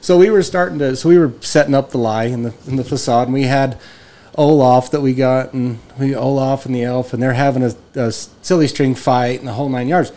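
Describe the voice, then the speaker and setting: A man's voice: mid-range voice, a little fast. Rambling man telling stories on a podcast. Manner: rambling, animated, many restarts. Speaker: podcast host. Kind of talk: casual storytelling chat.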